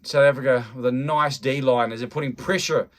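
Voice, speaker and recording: A man's voice: mid-range voice, fairly even intonation, a little fast. A man commentating a rugby match in a chatty, rambling, self-deprecating way, often restarting his sentences. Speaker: fan commentator. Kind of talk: live-style rugby play-by-play commentary.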